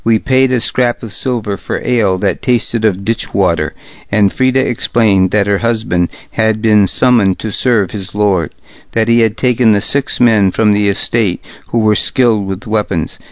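A man reading a historical novel aloud as a narrator, in a measured, steady way. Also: on the low side, dry recording, highs cut off. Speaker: audiobook narrator. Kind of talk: scripted narration.

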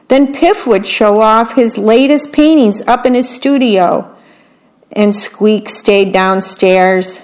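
A woman reading a children's picture book aloud, pausing to describe the pictures in a chatty aside. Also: mid-range voice, rough recording. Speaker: storybook reader.

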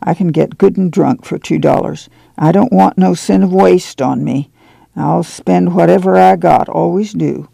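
A man reading the lines of a guilt-ridden farmer uncle, speaking slowly and sadly in rural dialect. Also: sits high, gravelly, dark tone, slightly rough, no echo, full character voice. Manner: slow, sad, rural dialect.

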